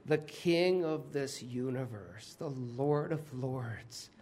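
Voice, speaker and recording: A man preaching a sermon with animated, emotional storytelling, dropping at times to a whisper. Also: mid-range voice, takes it slowly.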